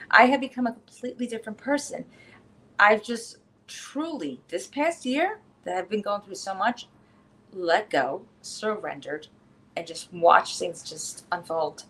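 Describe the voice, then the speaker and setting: A woman with a New York accent, a wellness coach, chatting as a podcast guest in an animated, rambling way with frequent laughs. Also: on the high side. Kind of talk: casual interview chat.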